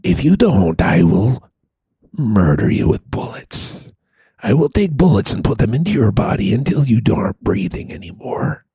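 A man doing an impression of a menacing middle-aged action hero, with a low, gravelly, half-whispered voice and slow threats. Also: sing-song, warm tone, no echo, full character voice.

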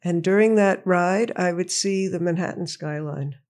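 A woman's voice: fairly low pitch, moderate pace, darkish tone. An older woman from Long Island, an author telling a wry, reflective story before reading from her book. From Long Island, New York. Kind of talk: relaxed talk before a reading. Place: bookstore reading event.

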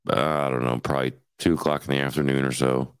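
A man's voice: very deep voice, flat delivery, quick pace, clean tone, no echo. A man hosting a podcast, chatting and telling a story in a laid-back way. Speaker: podcast host. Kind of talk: casual chat.

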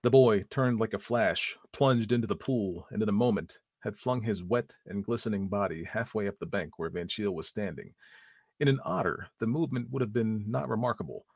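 A man reading a story aloud as narrator in a measured, even manner. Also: lowish voice, gravelly, husky, dry recording, studio quality.

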